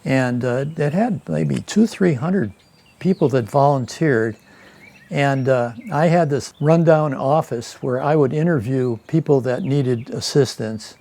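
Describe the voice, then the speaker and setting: A man's voice: medium pitch, a little slow, mellow. A man in his eighties, a guest telling stories in a casual interview, hesitant with many uhs and chuckling at his own tales. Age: 80s. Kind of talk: casual storytelling.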